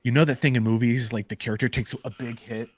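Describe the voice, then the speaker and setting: A man co-hosting a podcast, casually retelling comic book stories in an animated way with lots of "like" and "um". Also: mid-range voice, fast, no room sound. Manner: animated storytelling full of "like" and "um" fillers. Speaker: podcast co-host. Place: live podcast recording.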